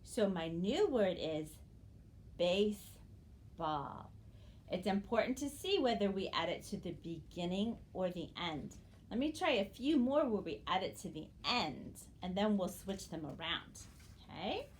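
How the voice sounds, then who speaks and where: There's a faint hiss or hum as a mid-range female teacher leads young students in early phonics. Her pitch swings widely, she keeps her tone encouraging, and she draws out every word she demonstrates.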